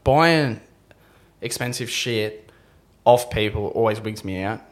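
An Australian man co-hosting a podcast, chipping in with quick questions and reactions in casual chat. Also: fairly low pitch. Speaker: podcast co-host.

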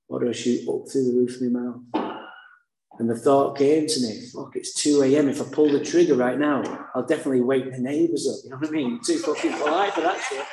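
Blunt, profane man telling his story. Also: medium pitch. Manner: blunt and profane, with dark humor. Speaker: speaker sharing his recovery story. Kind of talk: candid personal storytelling. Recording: roomy echo.

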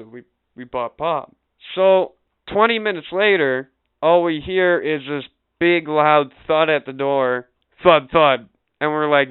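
A man from Canada tells a long profane story in a casual podcast, voice very smooth and clear though thin and phone-like. He acts out every person he quotes in an animated way. The sound is dry, with no room around it. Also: fairly high pitch, dry recording. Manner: animated, swears constantly, acts out quoted people. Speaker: podcast co-host. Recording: tinny phone-like audio.

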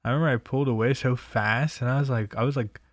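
A man's voice: mid-range voice, fairly even intonation, quick pace, no echo, studio quality. A young man telling personal stories in a casual, rambling way, swearing freely and filling with "like" and "um". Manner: rambling and profane, full of fillers. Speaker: storyteller.

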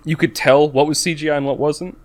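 In a fairly high, steady voice, this male co-host chats quickly and casually on a podcast, doubling up his opening words before a thought gets going. He's chatty and slips into a put-on voice when quoting lines.

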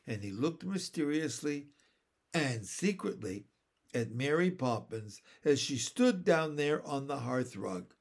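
A man reading a children's story aloud as narrator, expressive and unhurried. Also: mid-range voice, husky. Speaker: audiobook reader.

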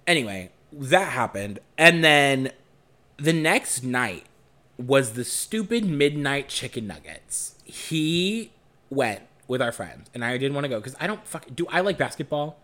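A man's voice: mid-range voice, big pitch swings, measured pace, bright, forceful tone. A young man co-hosting a podcast, telling a story casually, swearing often and acting out the lines he quotes. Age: young adult. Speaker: podcast co-host.

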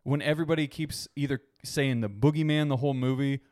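Male podcast co-host, mid pitch, dry close mic, animated and sweary. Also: no echo. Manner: animated, swears casually, quick asides. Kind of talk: casual movie podcast chat.

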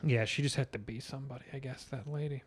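A man co-hosting a podcast in casual chat, animated and quick to swear. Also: medium pitch. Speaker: podcast co-host.

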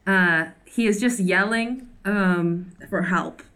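A woman's voice: mid-range voice, takes it slowly, fairly bright tone, smooth. A young woman co-hosting a podcast, recapping a TV episode in casual chat, with lots of fillers and laughter. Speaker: podcast co-host.

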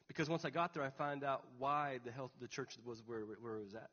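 Young pastor, earnest storyteller, slightly high voice, dull recording with long hall echo. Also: male voice, fairly even intonation, brisk, few pauses, pushed and bright. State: tearful. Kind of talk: sermon.

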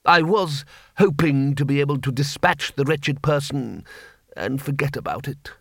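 A man's voice: fairly high pitch, moderate pace, creaky, fairly bright tone, husky, no room sound, clean studio sound, exaggerated voice. A man voicing a cool, cunning city ruler who speaks in precise, dryly ironic sentences.

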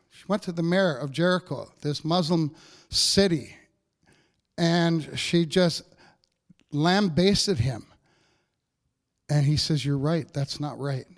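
A man preaching a sermon as pastor, in a conversational style with frequent checks with the congregation. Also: fairly high pitch.

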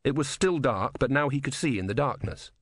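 A man narrating an audiobook with expressive storytelling. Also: mid-range voice, a little fast, no echo, clean studio sound. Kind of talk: scripted narration.

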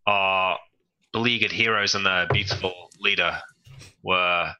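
A man putting on a northern English accent to narrate a dramatic recap of a tabletop game, halting with fillers. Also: sits low, steady tone, bright, forceful tone, muffled recording, soft background music, full character voice. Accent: northern English, put on. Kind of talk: mock trailer-style recap narration.

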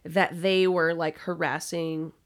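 Gravelly-voiced young woman, blunt storyteller. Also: fairly low pitch, level tone, slow pace. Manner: blunt, swears freely, storytelling. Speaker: podcast co-host. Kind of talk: casual chat.

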